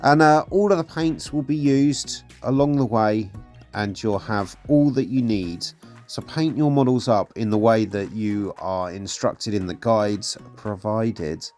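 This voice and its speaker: A man's voice: lowish voice, a little slow, a little mellow, soft background music. A man hosting his own hobby channel, reviewing magazine releases in a chatty, upbeat way with plenty of fillers. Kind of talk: casual product review.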